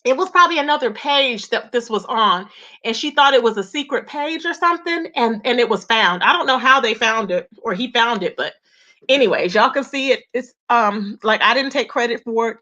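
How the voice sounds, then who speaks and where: Chatty high-voiced woman vlogging gossip. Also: animated, a little fast, bright, forceful tone, dull audio. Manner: chatty, repetitive, addresses viewers as "child" and "y'all". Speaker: YouTube commentator. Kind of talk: casual gossip vlog.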